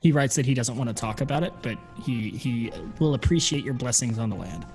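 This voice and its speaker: A man narrating a tabletop game as game master, hesitant with many pauses and fillers. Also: mid-range voice, a little mellow, soft background music.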